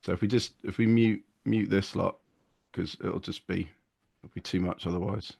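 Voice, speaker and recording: A man's voice: sits low, steady tone, moderate pace, creaky, darkish tone, slightly rough. A man, chatting casually on a podcast in a rambling, stop-start way. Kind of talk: casual chat.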